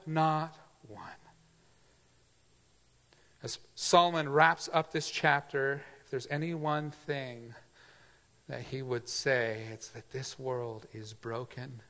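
A man preaching a sermon in a casual, conversational way, moving from loud emphasis to quiet asides. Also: on the high side, long reverb tail. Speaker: pastor.

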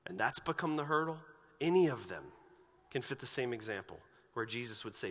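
A man's voice: medium pitch, brisk, big-room sound. A man preaching a sermon as pastor in a church, asking earnest, searching questions of the congregation. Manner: earnest, questioning, animated when retelling scripture scenes. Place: church sanctuary.

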